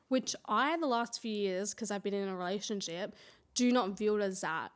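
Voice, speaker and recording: An Australian woman in her twenties co-hosts a podcast, chatting at a moderate pace in a mid-range voice. She rambles casually with many fillers while fighting off a cough.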